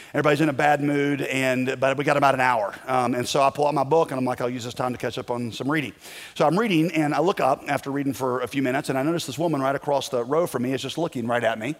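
A man's voice: mid-range voice, long reverb tail. A male pastor telling a personal story in a casual, self-deprecating sermon style.

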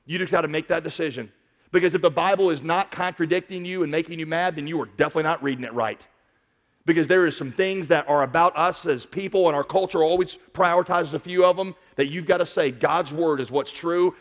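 A man preaching a sermon as a pastor, animated, repeating words and swinging between quiet stretches and loud peaks. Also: a little high. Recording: long hall reverb.

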